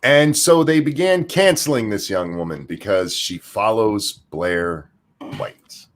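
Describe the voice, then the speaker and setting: Southern male co-host, lively pitch, profane casual ranting delivery. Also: takes it slowly. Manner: animated, profane, repeats words when starting sentences. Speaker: podcast co-host.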